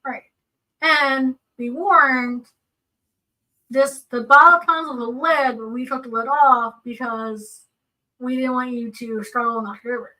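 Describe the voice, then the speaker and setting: A woman's voice: sits high, fairly even intonation, unhurried, bright, forceful tone, recorded from a distance, rough recording. A woman co-presenting a seminar in a casual panel talk, earnest and explanatory, drawing on personal examples.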